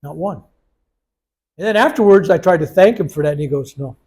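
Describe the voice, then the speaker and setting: A reverend in his seventies leads a healing workshop in a workshop room, telling stories with animation and performing the voices of those he quotes. His voice sits high, sounds husky, and moves a little fast.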